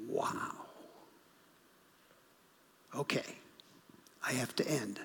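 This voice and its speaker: A middle-aged man, a guest pastor, preaching a sermon as a story, swinging from urgent bursts to hushed, whispered lines. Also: fairly high pitch, a little slow, creaky, in a large hall, a little hiss or hum. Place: church sanctuary.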